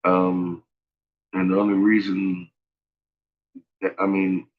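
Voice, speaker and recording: Deep-voiced man, profane, stammering storyteller, muffled lo-fi sound. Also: completely flat delivery, slow. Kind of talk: casual rambling monologue.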